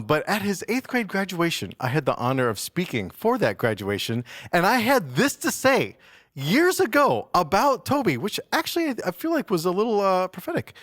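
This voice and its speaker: A man's voice: mid-range voice, fairly bright tone, no echo, clean studio sound. A man hosting a casual church podcast as youth pastor, upbeat and joking, with lots of fillers and restarts. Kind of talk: casual chat.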